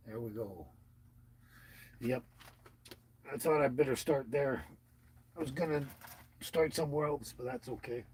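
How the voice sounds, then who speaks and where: A man's voice: mid-range voice, unhurried, pauses often, a little mellow, a little hiss or hum. A man hosting a casual livestream, rambling and chuckling as he greets viewers by name and talks to his dog. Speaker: livestream host.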